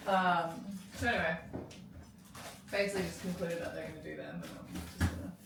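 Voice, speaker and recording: A woman's voice: lowish voice, wildly swooping pitch, gravelly. A young woman vlogging at home in casual chat, chatty and wry, with lots of "like". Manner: chatty, wry, talks fast with many likes. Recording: echoey room, far mic, loud noise.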